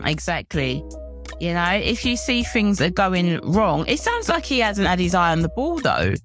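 A London woman with a slightly low voice chats on a podcast, agreeing and sympathizing with her co-host. Soft music plays in the background. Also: very animated, moderate pace. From England. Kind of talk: casual chat.

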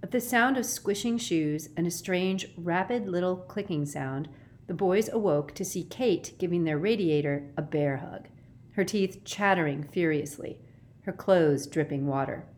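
A woman with a lowish voice reads a children's novel aloud, shaping each phrase with expressive storytelling. She paces the narration with clear, deliberate emphasis. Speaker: audiobook narrator. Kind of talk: audiobook reading.

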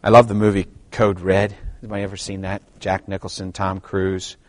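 A middle-aged man preaching a sermon to his church, swinging from quiet asides to loud, emphatic passages. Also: deep voice, flat delivery, fairly quick, no echo. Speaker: pastor.

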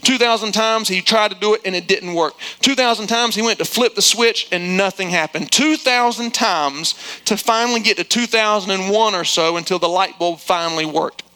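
A male pastor delivers an emphatic sermon in a high, bright voice. He drags out his key lines and leans hard on repetition to drive each point home. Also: moderate pace, smooth, poor audio. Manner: acts out quotes in a high squealing voice.

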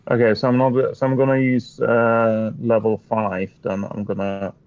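A man's voice: mid-range voice, flat delivery, darkish tone. Hesitant man on a dull lo-fi mic. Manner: hesitant, halting. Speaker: player. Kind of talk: casual chat in a tabletop game.

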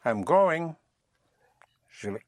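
A man teaching a recorded language lesson, patiently drilling phrases, repeating them and gently correcting his students. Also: a little high, very animated, extremely slow, no room sound.

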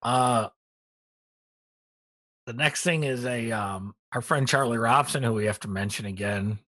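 A man's voice: medium pitch, measured pace, no echo. Rambling middle-aged man, dry close sound. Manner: relaxed, rambling with many ums. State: tired, yawning. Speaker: podcast co-host. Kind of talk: casual hobby news chat.

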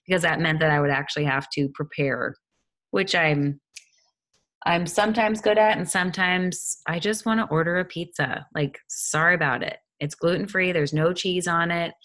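A woman's voice: fairly low pitch, normal speed. A woman who works as a hypnotherapist, chatting casually about her week and acting out what she and others said. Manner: chatty, animated, acts out what people said. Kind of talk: casual personal chat.

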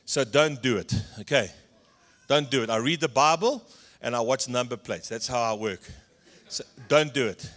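South african pastor guy preaching, mid-pitch voice, tells stories with bits of afrikaans, middle-aged. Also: normal speed. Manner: storytelling, animated, switches into Afrikaans phrases. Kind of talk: sermon.

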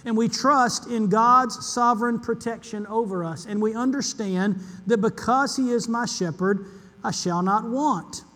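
High-voiced preaching man in reverberant hall. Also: measured pace, pushed and bright. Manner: earnest preaching, emphatic repetition. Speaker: pastor. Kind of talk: sermon.

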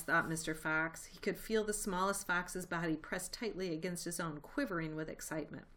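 A woman reading a children's storybook aloud, lively and expressive. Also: fairly low pitch, fairly quick, hardly any pauses. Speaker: reader. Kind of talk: storybook read-aloud narration.

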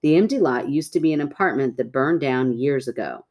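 A woman's voice: a bass voice, animated, brisk, darkish tone. A woman co-hosting a podcast, chatting casually and reading listener stories aloud, laughing often. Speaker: podcast co-host.

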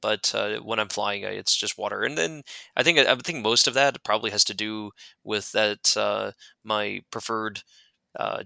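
A man with a gravelly, bright voice talks in a loose, rambling way, circling back with fillers and restarts. The sound is dry and close, with no room around it. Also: fairly low pitch, dry recording. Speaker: guest glider pilot. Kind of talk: casual interview chat.

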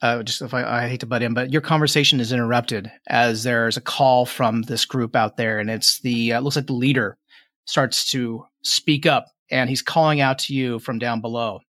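A man's voice: mid-range voice, steady tone, normal speed, sharp tone, no room sound, studio quality. A man narrating a tabletop game as game master, describing scenes in a rambling way with many fillers.

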